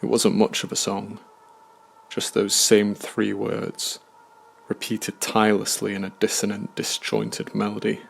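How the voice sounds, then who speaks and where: Man, horror story narrator, heavy vocal fry, measured, somber. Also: fairly low pitch, monotone.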